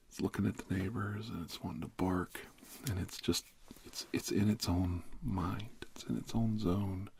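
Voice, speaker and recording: A middle-aged man plays a therapist in a whispered role-play. His voice sits very low and moves at an unhurried, slow pace. He rambles casually and keeps slipping from a relaxed speaking voice into soft whispers. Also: creaky, a little hiss or hum.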